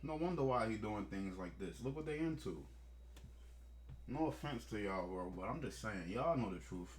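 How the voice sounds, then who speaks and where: A man with a fairly low voice talks through a story in casual reaction commentary. He breaks off into joking, profane asides and speaks bluntly. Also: lively intonation, normal speed, a little hiss or hum. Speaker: commentary host.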